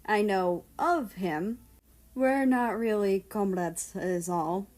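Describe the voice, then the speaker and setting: A woman voicing a calm, gently teasing young man in a fan-fiction audiobook reading. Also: medium pitch, slow, lightly acted.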